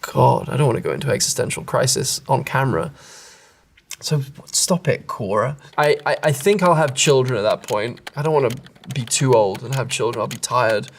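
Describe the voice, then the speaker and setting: Creaky and mid-range, with lively intonation and a moderate pace, a thirtysomething English actor answers internet questions he reads aloud. His replies ramble and break off mid-thought, and he laughs at himself now and then.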